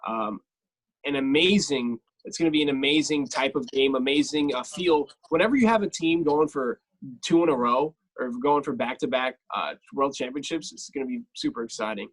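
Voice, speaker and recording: A man co-hosts a relaxed sports podcast. He talks with eager enthusiasm, often repeating a phrase to drive a point home, with a few filler sounds along the way. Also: medium pitch, moderate pace, poor audio. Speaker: podcast co-host. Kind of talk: casual sports podcast talk.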